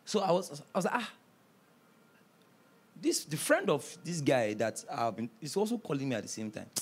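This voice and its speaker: A male pastor preaching a sermon, telling stories with quoted dialogue and rising to shouts. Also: a little high, moderate pace, slightly rough. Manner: storytelling, animated, rising to shouts.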